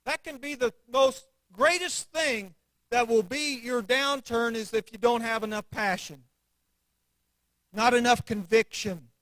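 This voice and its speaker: A man's voice: very high-pitched, unhurried, fairly bright tone, no room sound, poor audio. A man teaching an adult church class, earnestly repeating declarations with conviction before leading a prayer.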